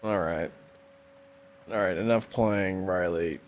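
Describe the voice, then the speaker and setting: A man's voice: low voice, slow. A man streaming a video game, giving casual, joking commentary and swearing freely. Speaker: gaming streamer.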